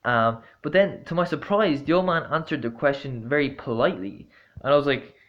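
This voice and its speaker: A man tells a story straight to the camera in a loose, halting way, stumbling over fillers and restarts. He is blunt and swears easily, with an exasperated edge. His voice sits at an ordinary pitch, and the recording sounds dull and lo-fi. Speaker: vlogger. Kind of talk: casual anecdotal storytelling.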